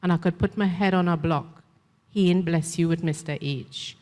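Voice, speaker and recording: A woman's voice: on the low side, normal speed, darkish tone, close to an everyday voice. A woman with a Trinidadian accent voicing a stern, stone-faced old female fortune-teller who speaks bluntly in Creole. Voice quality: blunt, matter-of-fact Creole speech. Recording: long hall reverb.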